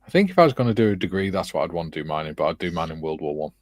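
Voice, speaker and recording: A man's voice: deep voice, lively intonation, rapid-fire, no room sound. An English man hosting a casual livestream chat, reading out viewer comments in a loose, amused, rambling way. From England. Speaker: livestream host. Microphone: streaming setup, video call.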